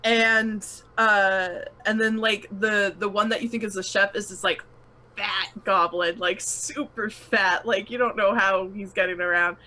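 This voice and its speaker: A woman's voice: mid-range voice, steady tone, measured pace, sharp tone, rough recording. A woman running a tabletop game, describing the scene in a chatty way with many fillers and laughs. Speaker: game master.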